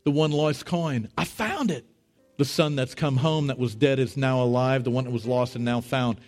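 A middle-aged man preaching as a pastor, telling a story with animated, rising voices for the people in it. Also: moderate pace, soft background music. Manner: animated, rising to high excited voices when retelling dialogue. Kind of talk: sermon storytelling.

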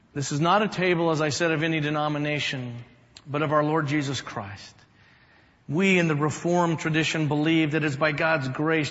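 A man preaching a sermon as pastor, telling stories and moving between loud, lively stretches and hushed, quiet ones. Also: fairly high pitch. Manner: storytelling, swings from loud to hushed. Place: church sanctuary. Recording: dull sound with long reverb in a large hall.

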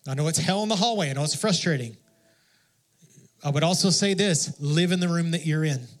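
Chatty man preaching, slightly high voice. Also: a little fast. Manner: conversational, self-deprecating storytelling with frequent restarts. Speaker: pastor. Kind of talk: sermon.

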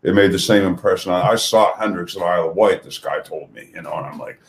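Low-voiced man reminiscing, roomy echo. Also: fast talker. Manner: reminiscing, loose and profane. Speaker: guest musician. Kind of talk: casual storytelling chat.

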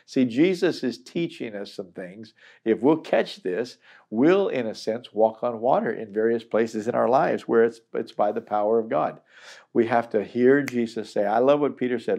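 A man's voice: fairly low pitch, normal speed, vocal fry, a little mellow. A middle-aged man teaching a Bible chapter in a conversational, earnest way, acting out the people he quotes.

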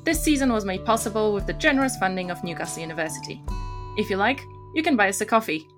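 A woman's voice: mid-range voice, lively intonation, fast. A chatty woman co-host banters and laughs easily, then reads a podcast outro. Faint plucked guitar music plays in the background behind her voice. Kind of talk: casual chat and scripted outro.

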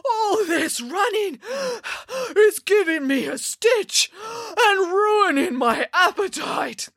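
A woman's voice: medium pitch, very slow, bright, forceful tone, no room sound, studio quality. A woman voicing a greedy, bellowing old male giant in a storybook tale.

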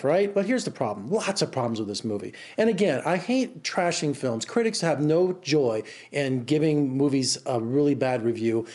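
A man's voice: a little high, darkish tone. A middle-aged man reviewing a film in a casual, rambling way, exasperated and full of restarts. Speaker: film critic. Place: Las Vegas.

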